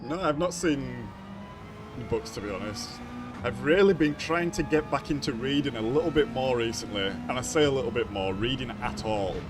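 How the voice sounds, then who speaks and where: With racing car game noise behind him, a young man at medium pitch and normal speed hosts a relaxed live stream of a racing game. He keeps greeting his viewers by name and laughing often.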